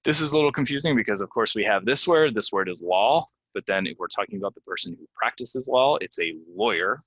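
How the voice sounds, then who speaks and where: A man teaching English pronunciation from slides, repeating each word slowly and giving example sentences with many ums. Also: lowish voice, lively intonation, a bit bright, breathy edge, dry recording, low-quality recording. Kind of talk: slide-based pronunciation lesson.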